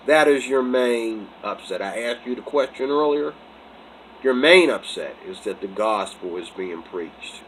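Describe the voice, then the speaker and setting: A man's voice: medium pitch, lively intonation, slow pace, breathy edge, poor audio. A man vlogging in a casual preaching monologue, rambling, restarting phrases and breaking into laughter. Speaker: religious vlogger.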